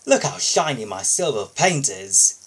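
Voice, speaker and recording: A man's voice: mid-range voice, sing-song, measured pace, fairly bright tone, breathy edge, exaggerated voice. A man voicing a rude, boastful male steam engine in a storybook reading, with a sneering manner.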